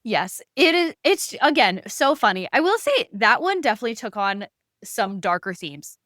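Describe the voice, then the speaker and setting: A woman's voice: on the high side, very animated, moderate pace, a bit bright, no echo, studio quality. A woman co-hosting a podcast, chatting casually and animatedly about books, peppering her talk with "like" and the odd swear. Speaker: podcast co-host.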